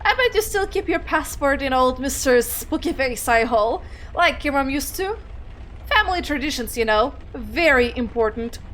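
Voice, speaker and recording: A woman's voice: high voice, lively intonation, normal speed, fairly bright tone, slight background noise. A woman putting on a gushing old great-aunt. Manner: gushing, fond and sentimental. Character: doting older great-aunt, globe-trotting and emotional.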